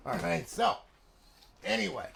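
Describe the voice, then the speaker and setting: A man's voice: a little high, big pitch swings, a little slow, creaky, noisy background. Blunt New Jersey man, middle-aged. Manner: blunt, profane and rambling. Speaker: console modder and seller. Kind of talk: casual livestream talk.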